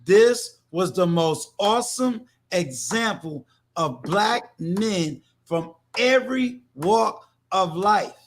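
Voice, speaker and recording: A man's voice: high voice, animated, slow, hardly any pauses. An older man from New York hosting a livestream, talking to his viewers in an emphatic, preachy way and often repeating words. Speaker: livestream host. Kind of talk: casual livestream talk.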